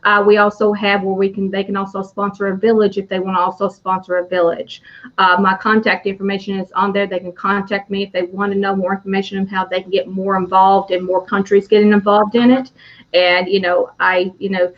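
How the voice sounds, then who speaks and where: Woman guest on an interview, pretty flat voice, lots of "you know", muffled lo-fi sound. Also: mid-range voice, fairly quick. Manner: steady, with many fillers. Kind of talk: interview answer.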